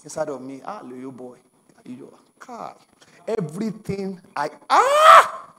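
A young adult Nigerian man preaching a sermon as pastor, telling stories with bursts of shouting and laughter. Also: on the high side, expressive, a little slow.

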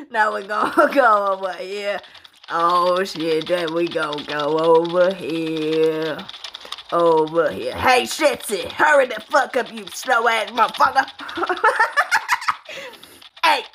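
A woman giving crude comedic gameplay commentary, cackling often and doing mock-tough "daddy" banter. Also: mid-range voice. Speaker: let's play gamer. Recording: noisy, with mouse clicks.

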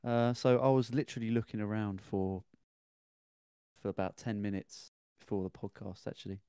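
A man's voice: lowish voice, steady tone, normal speed, mellow, clear, resonant tone, no echo, studio quality. A man, a podcast co-host who chats in a laid-back, joking way while introducing a story. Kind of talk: casual podcast chat.

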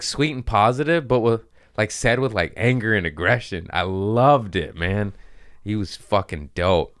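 A man's voice: lowish voice, fairly quick, smooth, no echo, studio quality. A man chatting on a podcast, telling loose, rambling stories with frequent laughs, swearing and restarts. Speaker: podcast guest comedian. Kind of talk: casual storytelling chat.

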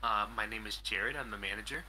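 A man's voice: lowish voice, fairly quick, bright, forceful tone, a little hiss or hum, pitched below the performer's own voice, poor audio. A man voicing a flustered male phone support worker who stammers and then mocks the caller, in an improvised prank-call role-play. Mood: hesitant. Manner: hesitant, stammering, then mocking.

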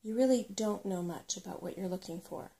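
A woman's voice: medium pitch, fairly quick, gravelly, warm tone, close to an everyday voice. A woman voicing an anxious, earnest female rat giving advice, in a whispered role-play. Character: fussy, worried female rat advising travellers.

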